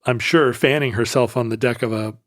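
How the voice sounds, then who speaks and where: A man's voice: mid-range voice, fairly even intonation, brisk, fairly bright tone. Rambling male history storyteller. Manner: rambling with restarts and asides. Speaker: podcast host telling a history story. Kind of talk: casual storytelling chat.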